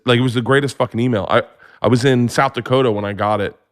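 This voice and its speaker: A man telling stories as a comedy guest, excitable and profane, often restarting with "like". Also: fairly low pitch, fast. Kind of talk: casual storytelling.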